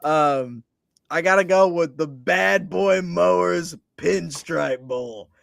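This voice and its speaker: A young man co-hosting a casual sports chat show, animated and joking, ranting with mock outrage. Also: a little high, slow, creaky, slight background noise.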